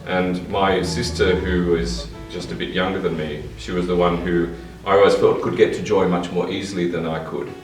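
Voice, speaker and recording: A man with a very deep voice speaks earnestly, repeating his main points for emphasis. He sounds distant in an echoey room, with faint guitar music underneath. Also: little pitch movement, normal speed, hardly any pauses. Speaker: interviewee. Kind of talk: reflective advice.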